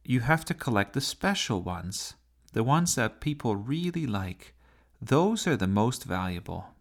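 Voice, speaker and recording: A man voicing a bossy, imaginative young girl in a children's storybook reading, his voice raised high. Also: sing-song, measured pace. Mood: chatty.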